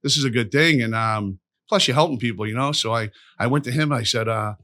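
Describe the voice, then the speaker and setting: A man's voice: mid-range voice, fairly quick, dry recording, studio quality. A man telling rambling, profane stories as a podcast guest. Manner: profane, rambling, animated storyteller. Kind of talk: storytelling in a casual interview.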